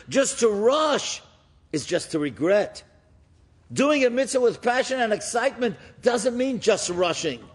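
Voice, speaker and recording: A man, a rabbi, giving a storytelling sermon in an animated way, often rising for emphasis. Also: sits high, husky. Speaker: rabbi and speaker.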